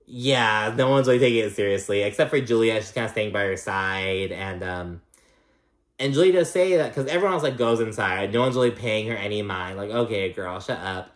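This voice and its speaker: A man's voice: fairly low pitch, lively intonation, a little fast. A man giving a casual, gossipy recap of a reality show episode, swearing freely and peppering his talk with likes and you knows. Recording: roomy echo.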